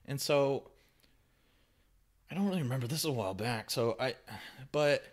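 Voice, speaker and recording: A young man hosting a podcast, telling a story in casual chat, animated and swinging between loud bursts and hushed asides. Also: medium pitch, moderate pace. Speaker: podcast host.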